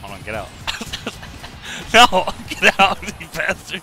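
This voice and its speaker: A man streaming a wrestling game, laughing nonstop and shouting profane trash talk at his opponent. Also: a little high, very animated, a little slow, faint music behind. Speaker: gaming streamer. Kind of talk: live gameplay banter.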